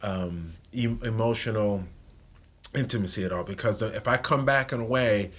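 A man co-hosting a couples podcast, talking in a measured, reflective way with frequent restarts. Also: lowish voice, fairly bright tone. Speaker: co-host. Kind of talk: casual podcast chat.

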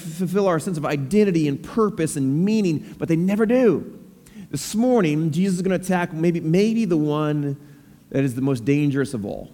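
A pastor in his thirties preaching with a fairly high voice for a man, chatty and loose, restarting phrases and filling gaps with ums. His voice rings with the long reverb of a big church sanctuary. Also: dark tone. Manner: conversational, repeats words, many fillers. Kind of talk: sermon with scripture reading. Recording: long reverb of a large hall.

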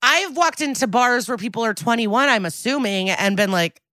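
A woman co-hosting a podcast, recapping a TV episode in casual chat, animated and blunt, with laughs and asides. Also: fairly high pitch, moderate pace, no room sound. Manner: blunt and outspoken. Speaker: podcast co-host.

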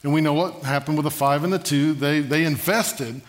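A man preaching a sermon, telling humorous stories in an animated way and asking the congregation for an amen. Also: fairly high pitch, moderate pace. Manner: animated, humorous storytelling with call-and-response.

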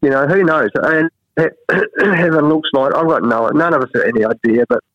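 A man's voice: a little high, normal speed, a bit bright, dry recording, muffled recording. An Australian man, a cricket head coach, reflecting earnestly in an interview, often restarting his sentences. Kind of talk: interview conversation.

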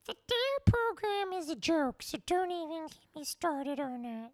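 A man voicing a high-voiced teenage boy who is sulky, dismissive and easily led. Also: very animated, a little slow, darkish tone, no echo, full character voice.

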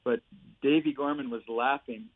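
A man's voice: medium pitch, moderate pace. Older man telling stories by phone. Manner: lively storyteller, chuckles through punchlines. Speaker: guest, former hockey player and coach. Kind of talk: casual anecdote-telling. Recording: tinny phone line, dry.

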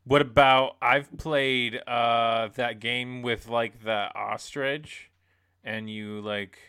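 A man's voice: mid-range voice, steady tone, takes it slowly, bright, forceful tone, clear, resonant tone, dry recording, studio quality. A man co-hosting a casual sports podcast, loose and laughing, often trailing off mid-thought. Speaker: podcast co-host.

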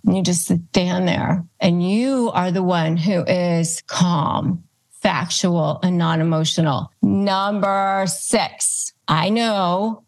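A woman hosting an advice show, calmly teaching phrases and acting them out as examples. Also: fairly low pitch, slow. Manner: calm, instructive, demonstrates phrases aloud. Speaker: host. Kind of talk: advice talk to camera.

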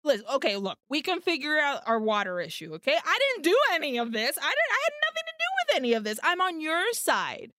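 A man's voice: extremely high pitch, lively intonation, fast, few pauses, bright, forceful tone, a little hiss or hum, voice pushed up, full character voice. A woman voicing a flustered, crooked male small-town politician who talks in a scrambling, defensive way. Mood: panicky.

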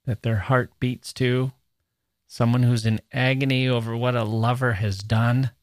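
A man hosting a podcast about poetry, talking in an animated way and acting out rhythms with nonsense syllables. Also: lowish voice, no echo. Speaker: podcast host.

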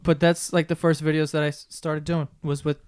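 Man, young adult, podcast host, slightly high pitch, crude jokes, casual chat. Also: little pitch movement, fairly quick, darkish tone, clear, resonant tone, no echo. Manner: joking, laughs often, crude humor.

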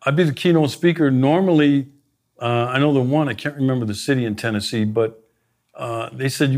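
A man's voice: mid-range voice, brisk. A man, a former sheriff, telling stories in a conversational interview and acting out what he and others said. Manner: animated anecdotes, quoting himself and others. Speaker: podcast guest, former sheriff.

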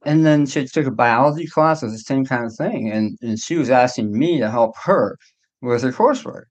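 A man's voice: medium pitch, normal speed. A middle-aged man, a doctor, telling his own story in a candid interview in a reflective way, often restarting his sentences. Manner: reflective, with frequent restarts and hedges. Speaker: guest, doctor.

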